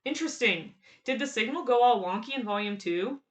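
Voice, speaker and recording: A woman giving casual, excited fan commentary on a TV show, laughing often and quoting lines in quick bursts. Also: fairly high pitch.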